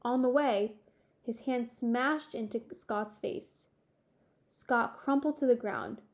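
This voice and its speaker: Narrating a children's sports story as an audiobook, a woman reads in a fairly high voice. She delivers the lines slowly and deliberately, with measured, expressive storytelling.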